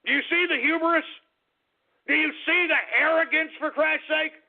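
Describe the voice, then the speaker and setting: A man's voice: very high voice, fairly even intonation, moderate pace. A man hosting a talk radio show, ranting furiously with profane insults. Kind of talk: angry talk radio rant. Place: lives in Texas. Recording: narrow phone-like radio audio.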